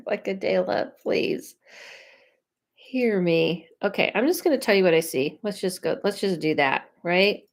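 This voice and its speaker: A woman of middle pitch hosts a live psychic reading stream. She chats loosely, trails off and restarts her sentences as she works through viewers' questions. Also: a little slow, long pauses. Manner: chatty, self-interrupting, thinks aloud; reads viewer questions aloud. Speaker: psychic medium.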